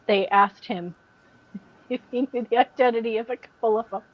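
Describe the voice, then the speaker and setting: A woman's voice: fairly high pitch, moderate pace. Woman podcast host, chatty storyteller, dull lo-fi recording. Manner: animated storyteller, mimics people she describes. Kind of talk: casual chat.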